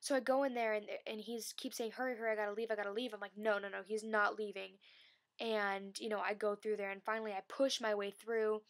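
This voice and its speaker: Young woman, mid pitch, rambling breathless storyteller, vlog. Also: steady tone, normal speed. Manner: breathless, rambling, many fillers. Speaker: vlogger.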